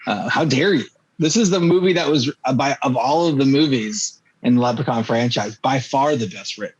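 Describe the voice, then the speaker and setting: Man, husky voice, podcast co-host, sarcastic, teasing, cuts in with jokes. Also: mid-range voice, fairly quick, highs cut off. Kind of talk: casual podcast banter.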